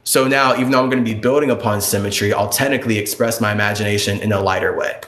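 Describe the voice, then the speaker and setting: A man in a casual spiritual monologue on a live stream, rambling and repetitive, preaching emphatically in quick bursts. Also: lowish voice, fairly even intonation, a bit bright. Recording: roomy echo.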